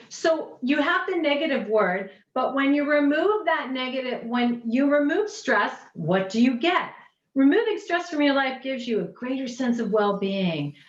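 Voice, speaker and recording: A woman coaching on pitching during a video call workshop, animated and gushing, often restarting her sentences. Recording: dull, roomy, distant video call audio.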